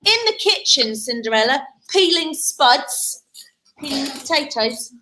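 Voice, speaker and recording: A woman teacher telling a story at a school assembly in a hall, playful and animated as she directs the children. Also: high voice, measured pace.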